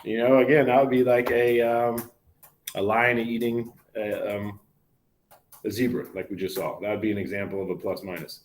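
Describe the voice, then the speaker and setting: A man's voice: lowish voice, level tone, normal speed. A man, a biology professor giving a recorded university lecture in a conversational way, often asking "right?" and correcting himself mid-sentence. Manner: conversational, many fillers and self-corrections, asks "right?" often.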